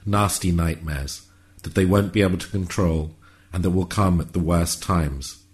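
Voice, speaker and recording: A man narrating a whimsical story in a calm, measured, wry way. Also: low-pitched.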